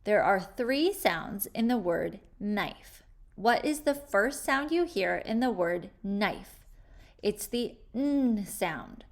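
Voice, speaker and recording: A woman teaching a phonics spelling lesson for children, slowly sounding out words with clear, patient explanations. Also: medium pitch, expressive.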